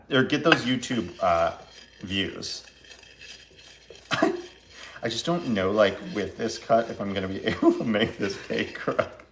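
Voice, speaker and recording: A man's voice: mid-range voice, a bit bright, slight background noise. A man hosting a live baking stream from his home kitchen, chatting casually, joking and laughing often. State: laughing through a cut finger.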